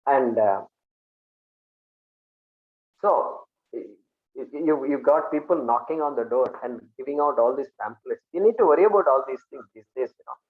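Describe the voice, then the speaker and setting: A man's voice: mid-range voice, animated, measured pace, pauses often. A man teaching an informal class, talking conversationally and acting out little dialogues with jokes. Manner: conversational, jokey, acts out dialogues. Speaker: Vedanta teacher. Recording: tinny phone-like audio.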